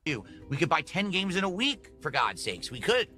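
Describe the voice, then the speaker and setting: A man with a bright, sharp, fairly high voice lectures his stream audience with indignation. Faint music plays behind him. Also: huge pitch swings, normal speed. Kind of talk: stream rant.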